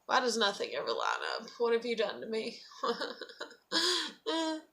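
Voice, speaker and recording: A woman's voice: a little high, wildly swooping pitch, a little slow, creaky, a bit bright. A young woman chatting in a loose, rambling vlog, swearing constantly. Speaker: vlogger. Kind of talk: rambling casual vlog chat.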